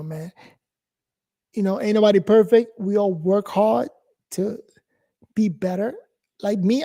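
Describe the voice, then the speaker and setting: Gravelly blunt man talking casually. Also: high-pitched, mellow. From New York, US. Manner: blunt, profane, rambling. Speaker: host. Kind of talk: casual monologue.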